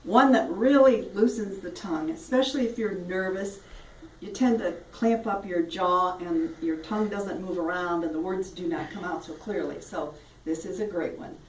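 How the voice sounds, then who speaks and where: A woman's voice: lowish voice, moderate pace, slight background noise. A woman coaching speech students, friendly and demonstrative as she leads tongue twisters and emphasis drills. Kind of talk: instructional talk. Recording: roomy sound from a distant mic.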